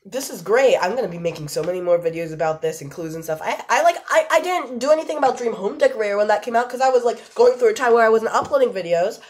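Gushing, high-pitched excitable woman. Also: quick pace, hardly any pauses. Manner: gushing and excitable, squeals and laughs, says "oh my god" a lot. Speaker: gaming YouTuber. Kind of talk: excited trailer reaction.

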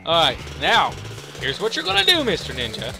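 A young man commentating a physics game he is playing, excitable, swearing and shouting at the screen. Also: a little high, brisk, vocal fry, faint music behind. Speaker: gaming YouTuber. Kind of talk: let's play commentary.

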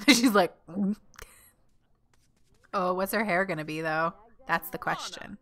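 A young woman giving casual, giggly let's-play commentary, gushing and voicing her character in quick asides. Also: fairly low pitch, fairly bright tone. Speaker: gameplay commentator.

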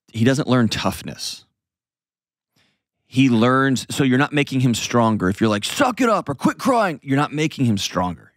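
A man's voice: mid-range voice, dry recording, studio quality. A man hosting an advice show, explaining parenting earnestly and acting out little scenes in changed voices.

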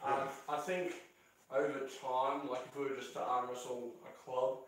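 A man's voice: medium pitch, flat delivery, normal speed, noisy background. A man training with a partner, bantering casually in short, laid-back replies. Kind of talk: casual banter between matches. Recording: echoey room from far off.

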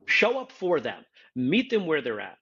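A man's voice: a little high, huge pitch swings, normal speed, bright, forceful tone, breathy edge, highs cut off. A man hosting a casual podcast discussion, explaining his points earnestly and step by step. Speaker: podcast host, martial arts instructor.

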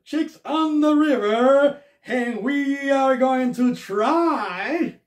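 A man impersonating an excited male food-review vlogger who greets his viewers with loud, stretched-out words. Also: sits high, voice pushed up, full character voice. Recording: echoey room.

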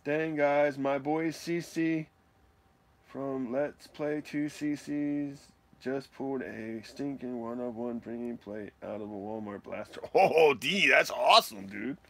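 A man's voice: mid-range voice, takes it slowly, gravelly. A man streaming live, opening card mail and chatting with viewers, whooping and laughing often. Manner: animated, whoops and laughs often, talks to chat. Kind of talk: excitable live stream mail-day chat.

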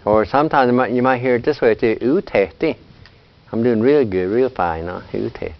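A man teaching a language class, talking in a relaxed, chatty way and laughing often. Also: mid-range voice, a little fast, gravelly, highs cut off. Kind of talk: classroom lesson.

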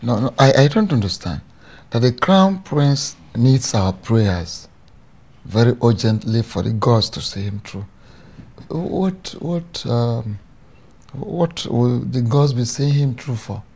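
An actor playing a prime minister of a traditional kingdom, speaking with a Nigerian accent and a halting, probing manner. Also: male voice, mid-range voice, expressive, a little mellow, breathy edge, exaggerated voice. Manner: halting, probing, repeats himself.

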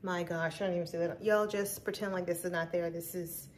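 A woman's voice: on the low side, fairly even intonation, a little fast, a little hiss or hum, poor audio. A woman in her thirties chatting casually to her viewers in a daily vlog, talking straight to the camera. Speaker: vlogger. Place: store and then home.

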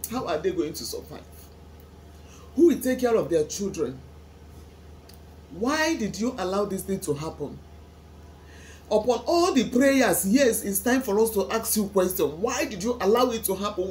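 A woman's voice: mid-range voice, expressive, measured pace, long pauses, a little mellow. Woman, Nigerian accent, tearful, sighing, pleading questions, emotional vlog, faint background noise. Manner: pleading, asks God questions over and over. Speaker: vlogger.

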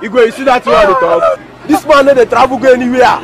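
Harsh Nigerian village guard, high voice, shouting over crowd. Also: male voice, fairly even intonation, fast. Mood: accusing. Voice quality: harsh, accusing. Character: aggressive male village guard, accusing a stranger. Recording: outdoor crowd and street noise.

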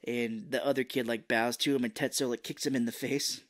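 A male podcast co-host in an easy, chatty recap of an old favorite film. His voice sits at an ordinary middle pitch, and he keeps slipping into goofy impressions of the characters as he tells it. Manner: animated retelling, breaks into quick silly character voices. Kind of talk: casual movie recap chat.

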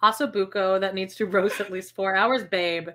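A woman's voice: mid-range voice, fairly even intonation, normal speed, sharp tone. A woman co-hosting a podcast from home, chatting in a bubbly, joking way. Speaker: podcast co-host. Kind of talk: casual chat on a live stream.

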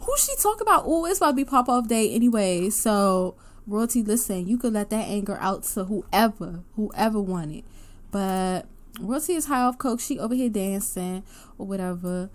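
A woman hosting her gaming channel, giving excitable casual commentary with loud gasps and outbursts. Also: medium pitch, moderate pace. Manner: excitable, gasping and laughing reactions, loud outbursts.

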